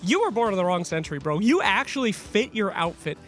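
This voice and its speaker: High, lively and bright joking male host. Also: fairly quick, faint music behind. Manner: playful, energetic and teasing. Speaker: roaming event host. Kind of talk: joking live broadcast banter.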